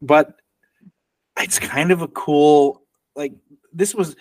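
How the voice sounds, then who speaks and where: A man co-hosting a casual chat podcast, joking and rambling with restarts and quick laughs. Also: fairly high pitch, steady tone, dry recording. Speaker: podcast co-host.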